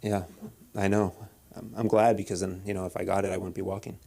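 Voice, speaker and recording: Brief: low, gravelly-voiced male comic, deadpan, stop-start delivery on a club stage mic. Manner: deadpan, halting with many restarts and fillers. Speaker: stand-up comedian at open mic. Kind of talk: stand-up comedy set.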